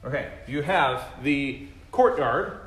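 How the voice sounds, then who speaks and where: A man teaches a Bible lesson to a class, asking them questions and joking about his own drawing skills. His voice sits at an ordinary middle pitch. The sound is roomy and echoey, as if captured in a classroom. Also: expressive, slow pace, fairly bright tone. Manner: conversational, quizzes the class, self-deprecating jokes. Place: classroom with a group. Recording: echoey room.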